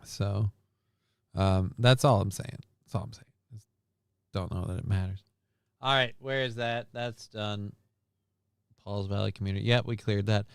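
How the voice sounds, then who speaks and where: Man, stream host, sarcastic rambling commentary, smooth clean voice, dry close mic. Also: lowish voice, steady tone, a little slow, long pauses, no room sound. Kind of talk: casual news commentary.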